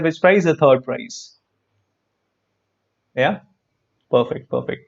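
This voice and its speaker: Lively Indian English male teacher. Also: fairly high pitch, dull audio. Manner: lively, repeats phrases, quizzes students, frequent "perfect". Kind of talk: live online grammar class.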